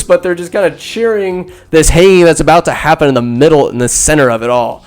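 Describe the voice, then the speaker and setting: A man's voice: fairly high pitch, fairly quick, hardly any pauses. A man hosting a podcast, retelling a film in a rambling, profane, irreverent way and acting out the characters. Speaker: podcast host. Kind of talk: rambling comic movie recap.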